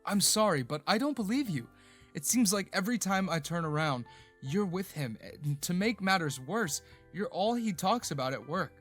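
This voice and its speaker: A jealous young cop, played by a man, accuses his boyfriend with a voice that climbs higher and louder. Soft music plays faintly behind him in this storybook audio. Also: very animated, moderate pace. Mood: accusing. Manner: accusing, voice rising.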